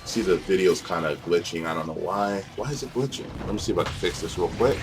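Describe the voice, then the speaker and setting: A man's voice: sits low, steady tone, fast talker. A young man chatting casually and profanely over gameplay, rambling in streetwise slang. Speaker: gameplay commentator.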